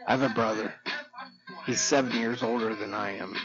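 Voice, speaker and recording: A man's voice: lowish voice, fairly even intonation, moderate pace. A fifty-year-old man, a little drunk, giving a rambling, profane and emotional personal rant as host of his weekly show. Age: 50s. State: tipsy from drinking. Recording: dull lo-fi recording with music behind.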